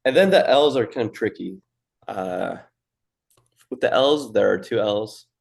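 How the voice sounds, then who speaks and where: A man with a low voice full of gravelly fry talks through a language lesson. He is relaxed and halting, leaning on fillers as he explains. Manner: loose, hesitant, filler-heavy explaining. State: coughing. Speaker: language teacher. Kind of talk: casual lesson chat.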